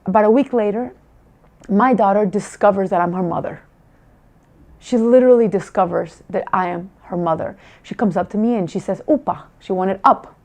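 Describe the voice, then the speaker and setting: A woman's voice: mid-range voice, moderate pace, darkish tone. Heartfelt woman telling a family story. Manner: emotional, heartfelt, with many restarts. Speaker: parent giving a testimonial. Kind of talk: personal testimonial storytelling.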